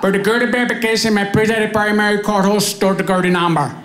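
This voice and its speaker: A man's voice: high-pitched, steady tone, very fast, fairly bright tone, reverberant, pitched above the performer's own voice. A man doing a stiff call-center rep. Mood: scripted. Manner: stiff scripted phrasing, repeats words. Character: male call-center credit card rep, scripted then furious.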